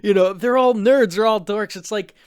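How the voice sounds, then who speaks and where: A man's voice: high voice, normal speed, clear, resonant tone, no room sound, studio quality. A man co-hosting a podcast, talking in a rambling, scornful, profane way. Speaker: podcast co-host. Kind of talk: casual political podcast chat.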